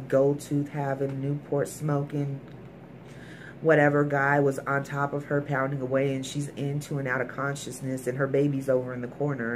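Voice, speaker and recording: A woman's voice: deep voice, slight background noise. A woman recapping a TV episode in a casual, emphatic way, talking straight to her viewers. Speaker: TV episode reviewer.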